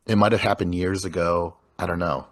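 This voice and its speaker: A man's voice: sits low, fairly even intonation, a little fast. A man casually talking through a movie scene by scene, rambling and swearing, laughing often. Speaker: podcast host.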